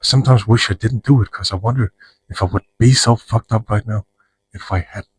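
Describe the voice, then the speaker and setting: A man's voice: on the low side, a little fast, slightly rough, poor audio. A man talking frankly about his own life in a rambling, profane monologue with frequent restarts. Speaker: vlogger. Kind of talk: personal monologue to camera.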